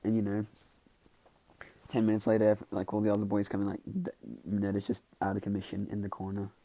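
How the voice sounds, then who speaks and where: A young man rambles through a fan story in a loose, offhand way, packing every sentence with filler. His voice sits low and gravelly, with a dark, husky tone. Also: completely flat delivery, quick pace, rough recording. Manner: rambling, filler-heavy, constantly says "like". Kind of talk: casual fan-story retelling.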